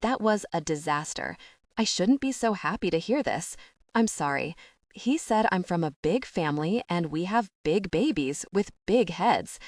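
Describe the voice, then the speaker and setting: A woman's voice: lowish voice, animated, moderate pace, darkish tone, no room sound, clean studio sound, far from the mic, natural voice. A woman voicing a flustered young woman. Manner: flustered, self-deprecating. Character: nervous, wry young woman, newly single. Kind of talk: audiobook dialogue.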